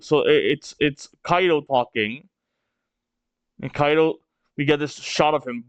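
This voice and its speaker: A man reads through a manga chapter for his channel, reacting with excited gasps and exclamations. His voice sits fairly high and he talks slowly. The sound is dry and a bit dull. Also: no room sound. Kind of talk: casual read-along reaction.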